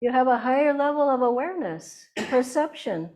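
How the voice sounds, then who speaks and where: A woman's voice: sits high, moderate pace. Older woman telling spiritual stories. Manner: lively anecdotal storytelling, laughing often. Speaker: spiritual teacher. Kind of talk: inspirational satsang talk.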